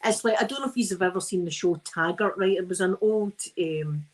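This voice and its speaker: Ironing on her ASMR livestream, a Scottish woman yawns her way through casual, rambling chat, often poking fun at herself. Her voice is on the low side and a little fast. The audio is poor.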